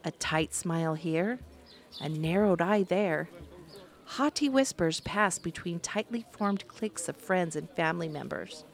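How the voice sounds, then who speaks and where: A woman narrating a fantasy storybook in a measured, descriptive manner. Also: on the low side.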